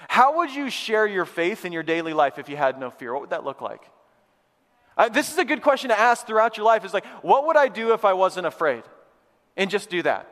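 A man's voice: high voice, fairly bright tone, long reverb tail. A man preaching a sermon as pastor, reading scripture and then talking earnestly and conversationally with his congregation, calling for their responses. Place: church sanctuary.

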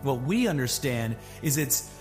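A man's voice: medium pitch, big pitch swings, measured pace, darkish tone, soft background music. A man, a pastor, speaking in an encouraging, earnest way in a conversational sermon.

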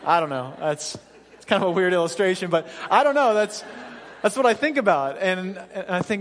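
A man pastor with a high voice preaches from a church stage, his words trailing into the long reverb of a large hall. He tells self-deprecating stories from his own life, animated and often laughing, in his thirties. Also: normal speed. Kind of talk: sermon.

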